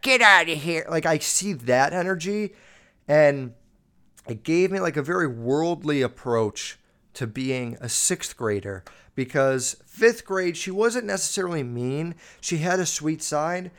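A young man hosting a podcast, telling rambling, crude stories about his school years and swearing constantly. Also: fairly high pitch. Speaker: podcast host. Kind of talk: casual storytelling monologue.

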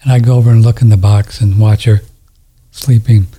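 A man's voice: fairly low pitch, fairly even intonation, brisk, dark tone, breathy edge. A man telling a story in a casual chat on a studio mic, rambling, emotional and tender, often laughing.

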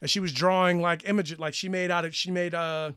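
Dude rambling about a show on a podcast, kinda high voice, keeps restarting sentences, dry sound. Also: male voice, flat delivery, brisk, bright, forceful tone, clear, resonant tone, no echo. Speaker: podcast co-host. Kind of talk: casual TV review chat.

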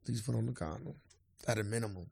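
A man cohosting a casual podcast chat, easygoing and teasing, with a gravelly edge and dry jabs. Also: fairly low pitch, fast talker, a little mellow, no room sound. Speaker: podcast co-host.

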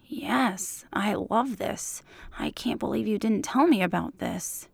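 A woman reading the part of an eager middle-aged man, speaking in a soft, breathy half-whisper in a fan fiction audiobook. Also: mid-range voice, takes it slowly, no room sound, heavily acted. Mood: hushed, eager.

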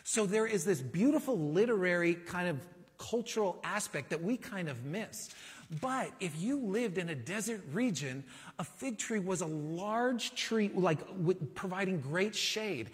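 A man delivers a sermon in a husky, somewhat high voice. He preaches in a conversational, animated way and often throws rhetorical questions at his listeners. A long reverb trails each phrase, as in a large hall. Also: unhurried. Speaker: pastor.

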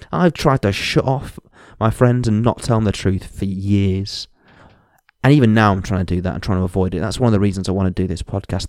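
A man's voice: on the low side, darkish tone, no echo, studio quality. A young man hosting his own podcast, talking candidly in a frank, sweary, self-mocking way and mimicking people he meets. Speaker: podcast host. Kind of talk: candid solo podcast monologue.

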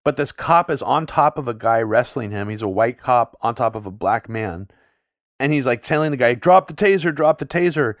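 A man's voice: medium pitch, moderate pace, no echo. Man chatting on a podcast, dry mic. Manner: talks in long runs with frequent "like" fillers, animated when shocked. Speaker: podcast co-host. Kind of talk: casual conversational podcast chat.

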